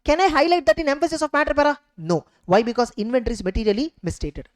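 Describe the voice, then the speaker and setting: A woman's voice: high voice, rapid-fire, no room sound. A woman teaching an exam revision lecture, emphatic and constantly checking understanding with rhetorical questions.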